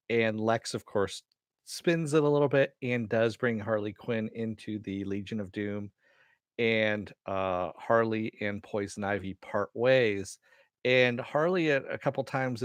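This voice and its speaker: A man's voice: lowish voice, no echo, clean studio sound. A man hosting a casual spoken review of a cartoon episode, rambling and laughing as he retells funny lines, with some cursing. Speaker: host reviewing animated episodes.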